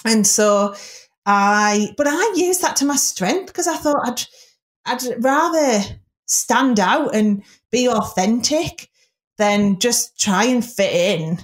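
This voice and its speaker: A woman's voice: fairly high pitch, expressive. A woman with a Northern English accent, a broadcaster chatting candidly as an interview guest. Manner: chatty, candid, quick asides. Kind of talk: casual interview chat. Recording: roomy echo.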